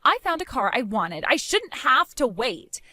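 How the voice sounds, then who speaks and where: A woman's voice: high voice, very animated, a little slow, bright, forceful tone, no room sound, heavily acted. A woman voicing a greedy, entitled young sister-in-law with a whiny, sing-song, demanding manner in a voiced story drama. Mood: defiant.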